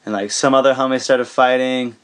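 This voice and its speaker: A man's voice: mid-range voice, fairly even intonation, a little fast, smooth. A man guesting on a podcast, telling stories in a loose, profane way with lots of fillers and laughter. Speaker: guest, pro skateboarder. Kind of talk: casual storytelling.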